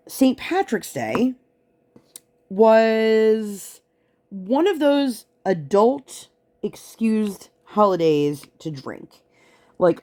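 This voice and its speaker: A woman's voice: deep voice, darkish tone. A woman vlogger and parent chatting casually while she crafts. She sounds exasperated and chatty, and her talk is full of "like" fillers.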